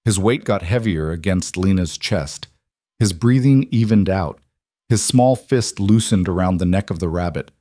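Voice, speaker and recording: Male narrator for a dramatic story, low pitch, measured, dry. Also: warm tone, no room sound.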